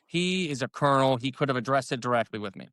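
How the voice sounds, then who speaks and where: Fast-talking American man telling a story. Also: mid-range voice, dry recording. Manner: animated storyteller, acts out quoted dialogue. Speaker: retired army captain, podcast guest. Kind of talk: casual storytelling interview.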